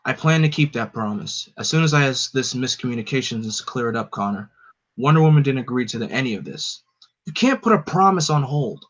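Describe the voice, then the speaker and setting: A man's voice: medium pitch, lively intonation, fairly quick, close to an everyday voice. A man voicing a stern, disappointed adult male superhero who lectures solemnly. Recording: dull lo-fi recording.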